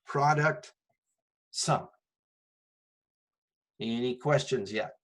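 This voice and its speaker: A man's voice: mid-range voice, extremely slow, fairly bright tone, rough recording. A man teaching a math lecture, explaining step by step with a patient manner and often asking rhetorical questions before he answers them. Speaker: math instructor. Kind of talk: recorded classroom lecture.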